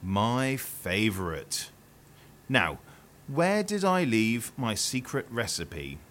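A man's voice: mid-range voice, very animated, slow, a bit bright. A man voicing a tough, hearty, muscular old granny.

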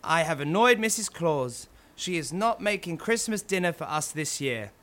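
A man's voice: a little high, very animated, normal speed, fairly bright tone. A man doing a fretful Santa. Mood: worried. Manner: fretful, pleading. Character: worried jolly old Santa Claus. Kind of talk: storybook character voice.

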